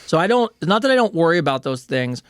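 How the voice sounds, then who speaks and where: A man with a somewhat high voice talks frankly on a podcast, matter-of-fact and loose with swear words. His voice is recorded dry and close. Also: very animated, quick pace, clean tone, no room sound. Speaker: co-host. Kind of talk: casual podcast chat.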